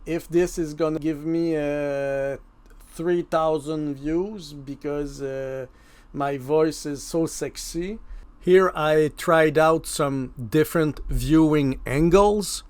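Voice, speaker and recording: A man with a French accent talks slowly through his own craft tutorial in a relaxed voice-over. His voice sits a little high for a man. He is easygoing and self-mocking, and swears offhandedly. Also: clean tone. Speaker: mask-making channel host.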